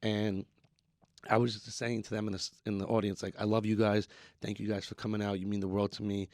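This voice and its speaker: A man from New York speaks as an interview guest, his voice sitting a little low. He talks in a halting way, restarting phrases and leaning on fillers. The sound is dry and close. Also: flat delivery, a little mellow, no room sound. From New York, USA. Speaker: musician guest. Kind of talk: candid interview talk.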